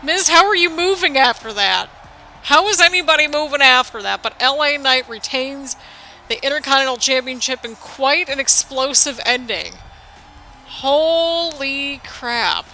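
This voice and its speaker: Woman, bright sharp voice, excitable game commentary, anxious exclamations, talks straight to viewers. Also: high voice, moderate pace, soft background music, low-quality recording. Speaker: gaming video host. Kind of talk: excited play-by-play commentary over a wrestling video game.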